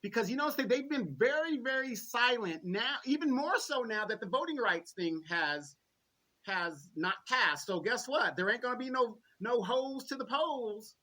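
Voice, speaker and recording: Laid-back man with a sharp, bright tone. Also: very high-pitched, lively intonation. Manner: laid-back, drawn-out, agreeable. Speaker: co-host. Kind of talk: political commentary chat.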